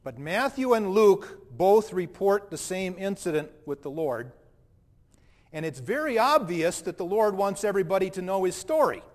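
A man's voice: high-pitched, animated, moderate pace. A man preaching a sermon in a reflective, explanatory way, with a long hall reverb.

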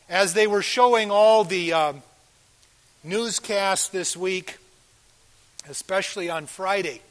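Older pastor preaching, high voice. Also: male voice. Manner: earnest, swings between loud emphasis and soft quiet asides. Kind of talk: sermon.

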